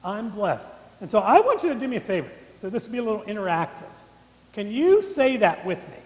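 A middle-aged man gives a sermon as a college chaplain, often turning questions to his listeners. His voice sits high for a man. The sound rings out in a large, echoing chapel. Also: big pitch swings, quick pace, darkish tone. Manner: interactive, asks the congregation questions. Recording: echoey chapel with long reverb.

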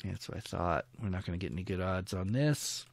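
Deep, gravelly and brisk, this gameplay commentator's voice has no room sound around it. He narrates his own strategy war game, muttering orders to his units and grumbling at failed attacks.

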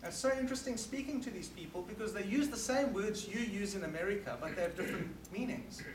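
A South African man giving an earnest, forceful talk to an audience at an evening meeting. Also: high voice, quick pace, slight background noise. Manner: earnest and forceful, emphatic repetition. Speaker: guest speaker. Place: meeting hall. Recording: roomy hall recorded from a distance.

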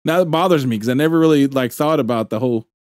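Fast-talking man teasing his co-host. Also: mid-range voice, a little mellow, dry recording, clean studio sound. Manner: joking, teasing, casual swearing. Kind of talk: casual chat.

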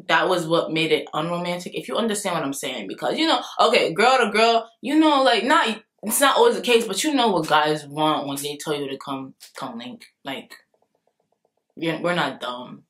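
A young adult woman talking in a casual storytime vlog, dramatic and animated, laughing things off and acting out what people said. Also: sits low, normal speed, faint music behind. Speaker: vlogger.

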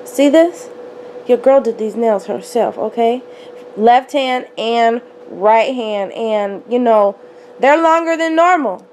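Sassy hoarse woman vlogging with a twang. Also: a little high, slow pace, dark tone, a little hiss or hum. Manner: sassy, playful, addresses viewers as honey and y'all. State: hoarse from a cold. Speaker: jewelry vlogger. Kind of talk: casual chat to camera. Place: small room at home. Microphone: phone camera. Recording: echoey room with faint ambience.

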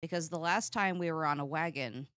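A woman player in a tabletop game, describing her character's actions in a measured, hesitant way. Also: low voice, fairly bright tone, smooth, dry recording, clean studio sound.

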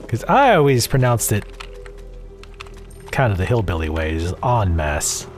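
Southern guy chatting over his game, animated pitch, snarky and cussing, desk mic, faint music behind. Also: moderate pace. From American South. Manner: sarcastic, profane, rambling asides. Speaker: gameplay commentator. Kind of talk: casual let's play commentary. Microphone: desk mic at home.

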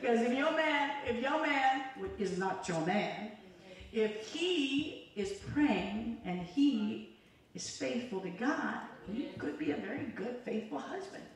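A woman's voice: fairly high pitch, expressive, takes it slowly. Woman preaching in an echoey church. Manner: fervent, conversational preaching with call-and-response. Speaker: evangelist. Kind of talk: sermon. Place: church sanctuary. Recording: echoey church hall from far off.

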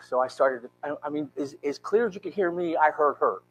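A man in his fifties, a pastor, telling an emotional personal story in a church sermon with earnest, halting restarts. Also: fairly high pitch, slightly rough, low-quality recording. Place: church sanctuary.

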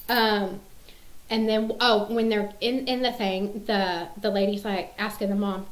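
A woman's voice: mid-range voice, flat delivery, measured pace. Chatty rambling woman in an echoey room. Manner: chatty, rambling, many fillers and restarts. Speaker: mom sharing favorite movie quotes. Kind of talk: casual chat to camera.

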